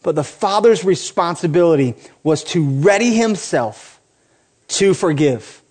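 A man in his forties preaching a sermon in a voice pitched high for a man. He delivers it with passion and climbs to emphatic, ringing peaks. He slips easily into joking asides with the congregation. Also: expressive, a little slow, a little mellow. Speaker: pastor.

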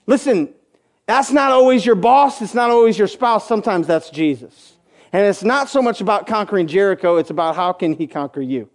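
A man delivers a sermon in a notably high voice. He rises to impassioned, near-shouted urging and drops into low, joking asides, acting out the voices he quotes. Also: expressive, fairly quick. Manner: acts out quoted voices and jokes. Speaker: preacher; school coach.

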